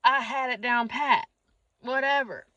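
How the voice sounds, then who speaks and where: Woman, comic storyteller, crude and animated, dry close sound. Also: a little high, unhurried, dry recording, dull audio. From northeastern Pennsylvania. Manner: animated, crude, exaggerated delivery. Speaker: comedian.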